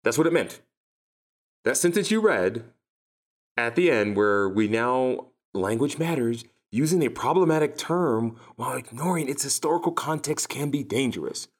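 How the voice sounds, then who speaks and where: A man's voice: mid-range voice, animated, normal speed. A man co-hosting a casual conversation, rambling with many restarts and a sardonic edge.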